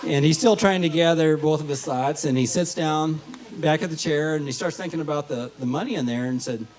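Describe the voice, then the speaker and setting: A man giving a folksy, halting wedding toast at a reception, telling a joke with many fillers. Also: on the high side, a little mellow, low-quality recording. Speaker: wedding toast speaker, family of the bride.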